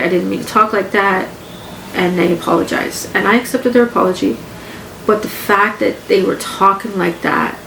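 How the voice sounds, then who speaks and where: A Canadian woman with grown children hosts a casual personal podcast from her living room, speaking candidly and rambling with frequent repetition. Her medium-pitched voice is a bit bright with vocal fry, captured on a home podcast mic in an echoey room with a faint hum.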